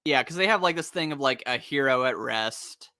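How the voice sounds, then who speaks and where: A man talks animatedly in a casual podcast, laughing often and slipping into little acted-out scenes. His voice is bright and swings widely in pitch. The sound is dry and close. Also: expressive, normal speed, no room sound. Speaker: co-host.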